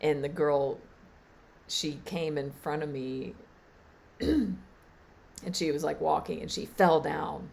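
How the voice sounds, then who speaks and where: Low, slow, gravelly-voiced woman. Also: darkish tone. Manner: reflective, halting with trailing fillers. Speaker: meditation and Reiki teacher. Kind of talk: live-stream spiritual talk.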